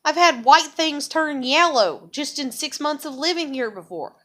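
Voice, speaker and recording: A woman's voice: sits high, expressive, measured pace, fairly bright tone. A woman venting angrily to the camera, repeating herself and swearing heavily. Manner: angry, repetitive, swears heavily. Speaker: vlogger. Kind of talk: profane venting monologue.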